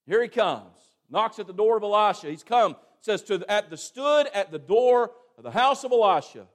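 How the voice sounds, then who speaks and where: A man preaching with a high-pitched voice. He tells the scripture in a folksy, dramatic way, acting out the characters and calling for amens from the congregation. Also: animated, normal speed. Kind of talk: sermon.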